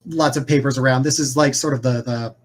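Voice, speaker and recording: A man running a tabletop game, describing the scene in a loose, casual way. He rambles and fills gaps with filler words, at a medium pitch and an easy pace. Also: fairly even intonation, a little fast. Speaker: game master.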